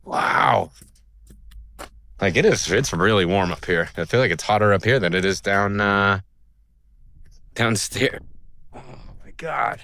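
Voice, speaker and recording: A man's voice: lowish voice, unhurried, gravelly, long pauses, bright, forceful tone. A man vlogging outdoors on a mountain summit, talking casually into a handheld camera, rambling and joking in awe of the view. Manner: awestruck, rambling, jokey. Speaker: travel vlogger. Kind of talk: casual vlog narration.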